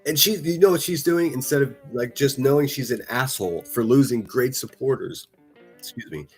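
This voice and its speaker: A man's voice: mid-range voice, normal speed, husky, faint music behind. A man from the northern United States ranting on a livestream, profane, mocking and combative.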